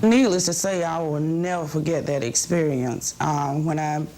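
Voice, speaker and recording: A woman recalling a past experience in an interview, composed and deliberate. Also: low-pitched, mellow. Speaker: interviewee, civil rights activist. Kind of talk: interview recollection.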